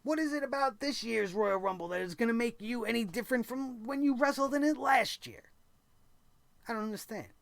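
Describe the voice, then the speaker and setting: A man's voice: very high-pitched, fairly quick, creaky, few pauses, fairly bright tone, no echo. A man hosting a wrestling show, recapping the episode in a sarcastic, exasperated rant and mocking the wrestlers now and then. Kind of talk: opinionated recap commentary.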